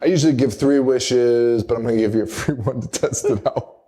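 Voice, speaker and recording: A man's voice: mid-range voice, a little fast, mellow, natural voice. A man voicing a scheming male djinn with a smug, teasing drawl.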